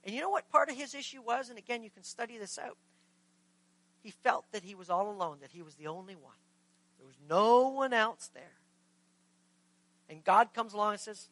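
A man preaching a sermon in an earnest way, now and then acting out short quoted lines. His voice sits high and sounds bright and forward. The sound is dry and close, with no room echo. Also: lively intonation, moderate pace, pauses often. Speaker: pastor.

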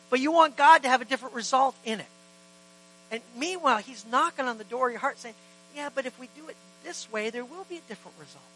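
High, bright-voiced man preaching passionately. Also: rough recording. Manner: impassioned, swings between loud emphasis and hushed quiet lines; acts out quoted dialogue in conversational asides. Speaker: pastor. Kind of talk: sermon. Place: church.

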